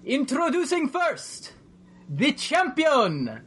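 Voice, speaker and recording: Guy putting on a loud stretched-out wrestling announcer, way higher than his normal voice. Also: wildly swooping pitch, exaggerated voice. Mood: hyping. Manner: drawn-out, high, showy. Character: booming male wrestling ring announcer.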